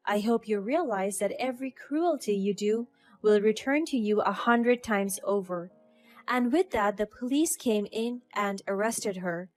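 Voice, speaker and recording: A woman narrating a first-person story in an even, earnest scripted tone. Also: mid-range voice, unhurried, soft background music.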